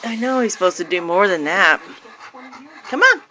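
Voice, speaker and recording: A woman's voice: on the low side, lively intonation, fairly quick, bright, forceful tone. A woman filming her dog at home, laughing and scolding it with short repeated commands. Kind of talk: casual home video chatter.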